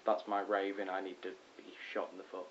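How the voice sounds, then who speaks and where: A teenage boy vlogging from his bedroom, rambling excitedly with lots of ums and self-corrections. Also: sits low, fairly quick. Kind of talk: casual rambling vlog. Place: bedroom at home. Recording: dull lo-fi with faint hiss.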